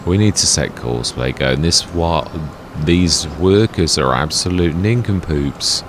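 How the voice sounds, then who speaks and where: A man's voice: deep voice, expressive, a little slow, background noise. A man giving rambling, chatty gameplay commentary as a let's play host, often correcting himself.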